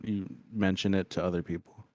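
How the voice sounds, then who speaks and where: A man's voice: low voice, fairly even intonation, a little fast, darkish tone, dry recording. A man in casual chat with friends, rambling and crude, with many fillers.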